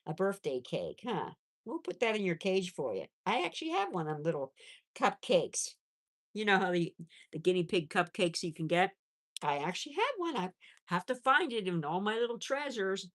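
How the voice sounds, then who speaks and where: A woman's voice: fairly low pitch, very animated, normal speed. A middle-aged woman chatting casually on a pet livestream, reading out viewer messages and cooing to her animals. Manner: chatty, warm baby-talk to pets, reads chat aloud. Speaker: livestream host. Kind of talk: casual live chat.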